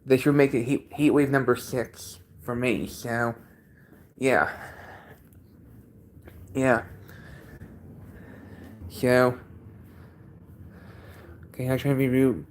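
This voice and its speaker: A man's voice: mid-range voice, fairly even intonation, slight background noise. A man chatting casually on his own livestream from a basement, sounding congested and often repeating himself as he talks. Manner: halting, repeats each sentence. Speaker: livestream host.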